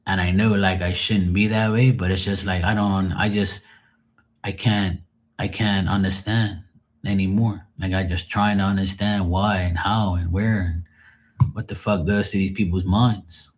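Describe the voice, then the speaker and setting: Frustrated, low-voiced man venting. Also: flat delivery, measured pace. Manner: frustrated, rambling, swears often. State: sad, emotionally drained. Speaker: live stream host. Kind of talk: emotional unscripted monologue.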